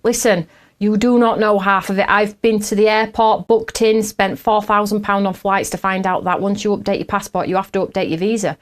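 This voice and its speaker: A woman's voice: medium pitch, steady tone, a little fast. An English woman hosting a crafting podcast, telling a story in a chatty way, laughing often and acting out what others said. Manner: acts out quotes in different voices. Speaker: podcast host. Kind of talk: casual chat with viewers.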